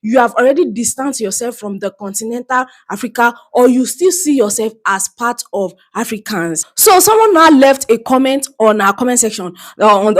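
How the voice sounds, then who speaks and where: A woman hosting a reaction video, commenting in an animated, exclaiming way and urging viewers to comment. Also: on the high side.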